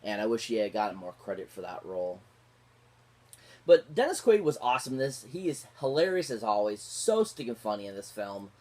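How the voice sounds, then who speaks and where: A man's voice: on the low side, very animated, brisk, a little mellow. A man giving a casual, rambling film review, gushing about the actors with constant fillers and restarts. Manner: gushing, repeats favourite words. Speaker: movie reviewer.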